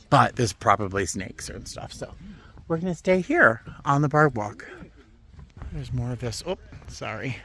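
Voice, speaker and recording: A man rambles cheerfully while filming himself on a stroll through the desert, breaking into delighted exclamations. He talks casually and warmly to his viewers. His voice sits at an ordinary pitch, recorded outdoors on a handheld camera. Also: creaky. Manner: chatty, easily delighted, exclaims often. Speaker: vlogger. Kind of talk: casual walking vlog.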